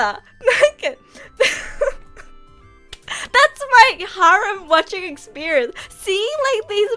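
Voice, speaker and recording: A woman's voice: very high-pitched, very animated, slow, long pauses, pushed and bright, soft background music. A young woman streaming casually, frank and giggly, often stumbling and restarting her sentences. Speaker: streamer and voice actor. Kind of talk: casual livestream chat.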